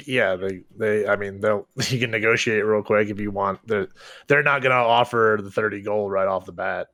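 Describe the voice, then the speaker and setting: A man's voice: on the low side, normal speed, a bit bright, no echo. A man running a tabletop game as dungeon master, talking casually and laughing often as he narrates.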